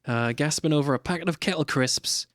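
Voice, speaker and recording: A man's voice: fairly high pitch, brisk, no echo. A man co-hosting a comedy podcast, trading jokey banter and playing up mock indignation. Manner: mock-indignant, stumbles over a tongue-twister sign-off. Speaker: podcast co-host.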